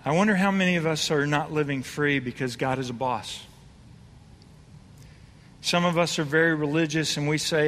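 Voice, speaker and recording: A man's voice: a little high, normal speed, fairly bright tone, slight background noise. A man preaching a conversational sermon, asking his congregation questions. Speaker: pastor. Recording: reverberant hall.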